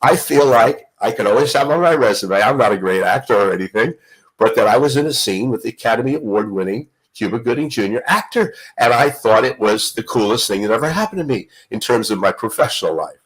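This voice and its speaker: An older man spins stories as a podcast guest, his voice swooping through a wide, animated range. He acts out every quote and tumbles through restarts when he gets excited. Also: mid-range voice, fairly quick, low-quality recording. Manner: storyteller who acts out dialogue, lively restarts. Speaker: guest, broadcaster. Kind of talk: animated anecdote telling.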